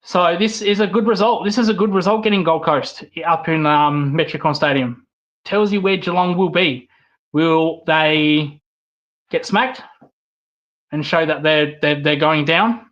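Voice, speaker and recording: A young man delivers a casual, opinionated monologue as a fan vlog host. His voice sits slightly high, blunt and peppered with fillers and restarts. The recording is dull and lo-fi. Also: measured pace, a bit bright.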